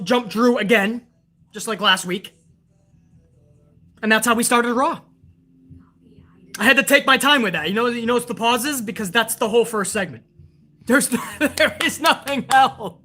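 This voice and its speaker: A man with a bright, forward voice rants through a casual live stream, profane and exasperated. He mocks what he watched and swears freely, talking straight into a desk mic. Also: high voice. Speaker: wrestling show reviewer, live streamer.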